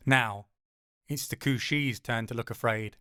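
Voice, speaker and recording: Brief: man, first-person audiobook narration, unhurried and dramatic, crisp voice on a dry studio mic. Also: a little high, bright, forceful tone, no echo. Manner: dramatic, wry, slows for emphasis.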